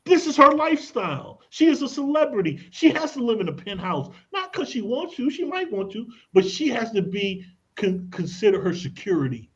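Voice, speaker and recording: A man's voice: high-pitched, sing-song, moderate pace, hardly any pauses, breathy edge, dull audio. A man appearing as a guest expert on a radio talk show, explaining in an emphatic, persuasive way with casual slang. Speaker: credit and tax expert guest. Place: radio studio.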